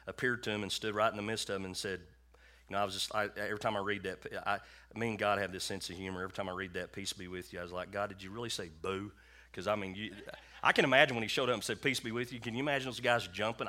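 A low-pitched man gives a sermon from the pulpit, with a bright, forceful edge to his voice. His delivery is folksy and conversational, and he circles back and repeats his key points. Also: fairly even intonation, fast. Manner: folksy, conversational preaching with repetition. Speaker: pastor. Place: church sanctuary with a congregation.

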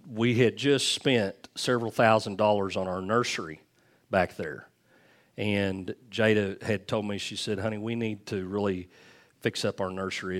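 A middle-aged man talks as a pastor to his church before baptisms. His voice sits a bit low, and he rambles warmly through restarts and little chuckles. He speaks into a handheld microphone. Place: church sanctuary.

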